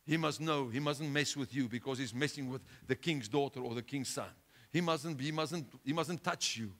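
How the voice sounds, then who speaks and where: A male pastor preaching a sermon with a South African accent, swinging between loud urgent exhortation and quiet, low asides. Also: normal speed. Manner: impassioned preaching, rising loud then dropping low.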